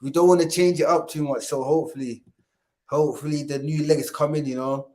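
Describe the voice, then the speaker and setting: A man's voice: on the high side, fairly even intonation, a little fast, darkish tone. A man co-hosting a casual live stream about football. He jokes, laughs a lot, repeats phrases and urges viewers to like and subscribe. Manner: hypes viewers and asks them to like and subscribe. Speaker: co-host of a fan channel stream.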